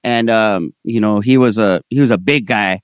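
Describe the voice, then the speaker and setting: A man talking as a comedian guest in a casual interview, telling stories in slangy, animated speech and voicing the people he quotes. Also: on the low side, normal speed, clean tone, no room sound, studio quality.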